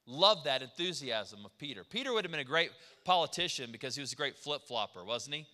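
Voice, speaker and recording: A man preaching a sermon as pastor, animated and quick to act out the people he quotes. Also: mid-range voice. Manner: animated, acts out quoted voices. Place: church sanctuary. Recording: long church hall reverb.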